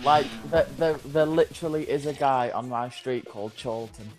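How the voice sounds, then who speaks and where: A man joining a game stream in voice chat, talking casually and haltingly. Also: medium pitch. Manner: hesitant, halting with fillers.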